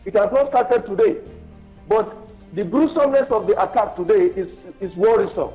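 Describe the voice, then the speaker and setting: A man's voice: high voice, moderate pace, warm tone. A Nigerian man speaking as a guest on a news talk show, emphatic and insistent. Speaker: guest on phone line. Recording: muffled phone line with music.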